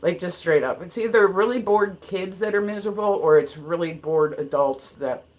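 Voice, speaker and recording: A woman from Ohio hosts a casual livestream, chatting straight into her phone or webcam. Her voice sits a little low for a woman. She talks bluntly, swears freely and stops to greet people in the chat by name. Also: moderate pace, darkish tone. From Ohio, USA. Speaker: livestream host. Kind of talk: casual live-stream chat.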